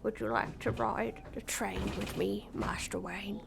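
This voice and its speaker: A woman voicing an elderly male butler who speaks in a hushed, polite way. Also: medium pitch, fairly even intonation, a little slow, creaky, noisy background, pitched below the performer's own voice. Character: elderly male butler, proper and soft-spoken.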